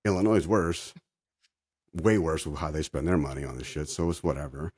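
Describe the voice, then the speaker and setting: A man's voice: rumbling low, fairly quick, darkish tone, husky. A man hosting a casual chat, ranting in a profane, sarcastic way. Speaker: podcast host.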